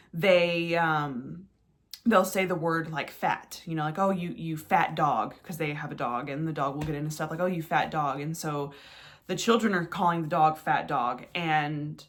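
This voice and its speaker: A woman's voice: deep voice, fairly even intonation, moderate pace. A young adult woman hosting a podcast, talking in a blunt, candid monologue, swearing freely and often restarting her sentences. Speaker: podcast host.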